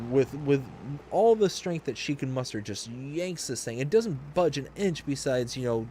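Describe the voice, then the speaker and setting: A man's voice: mid-range voice, a little mellow, a little hiss or hum. A man around thirty, a livestream host telling a story in a rambling, chatty way with frequent restarts. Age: late 20s to early 30s. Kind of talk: casual storytelling while streaming a game.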